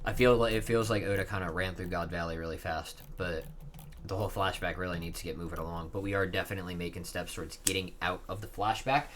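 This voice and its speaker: A man's voice: deep voice, steady tone, fast talker, a bit bright, a little hiss or hum. A man reading a comic chapter aloud and reacting in a casual, chatty way, with fillers like "uh" and "like". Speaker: manga reaction vlogger.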